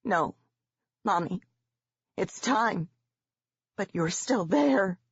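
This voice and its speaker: A woman's voice: medium pitch, animated, drawn-out words, slightly rough, no room sound, highs cut off, voice pushed up, heavily acted. A woman narrator voicing a dying sixteen-year-old girl who pleads with her mother in a cracking voice. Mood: pleading.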